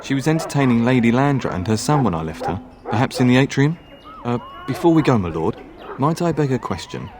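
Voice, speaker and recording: A man's voice: mid-range voice, sing-song, fairly quick, crowd noise, close to an everyday voice. Man voicing a courteous young castle knight. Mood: formal. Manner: formal, courteous. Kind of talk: fan voice acting over a game.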